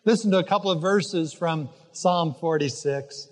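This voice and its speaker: Pastor guy, pretty high voice, preaching earnest and gentle, lots of hall reverb. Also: normal speed. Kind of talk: sermon.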